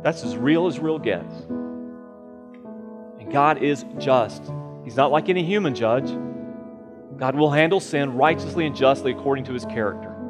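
A man preaching to his congregation in an earnest, emphatic way, building repeated phrases for weight. His voice sits at a middling pitch and rings through a long-reverb sanctuary, with soft instrumental music under it. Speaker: pastor. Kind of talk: sermon. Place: church sanctuary.

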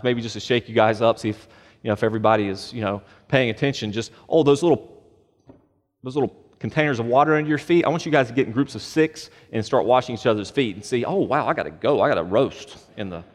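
Animated male pastor in a reverberant hall. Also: medium pitch. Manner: animated, with rhetorical questions and joking asides. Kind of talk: sermon. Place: church sanctuary.

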